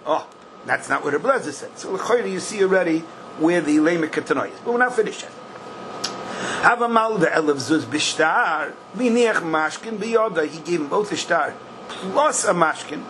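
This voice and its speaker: A man's voice: on the high side, lively intonation, moderate pace, noisy background. An older man teaching a Talmud class, questioning in a singsong and punching key points with bursts of emphasis. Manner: questioning singsong, bursts of emphasis, Yiddish-style Hebrew terms.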